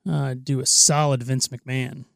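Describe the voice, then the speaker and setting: A man's voice: medium pitch, flat delivery, moderate pace, vocal fry, fairly bright tone, dry recording, studio quality. A man co-hosting a podcast, joking around and playfully defending himself. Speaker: podcast co-host. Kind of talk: casual podcast banter.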